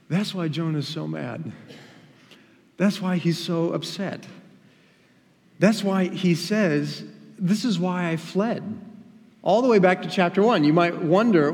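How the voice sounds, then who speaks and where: Male pastor, emphatic sermon delivery, slightly high voice, long hall reverb. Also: darkish tone. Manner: emphatic, with rising and falling emphasis. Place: church sanctuary.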